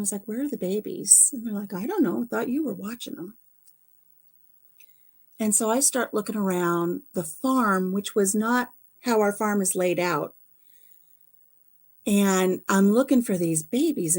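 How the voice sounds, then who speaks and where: A woman's voice: medium pitch, a little mellow. Middle-aged lady just chatting, rambly storytelling w/ ums. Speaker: vlogger. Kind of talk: casual chat.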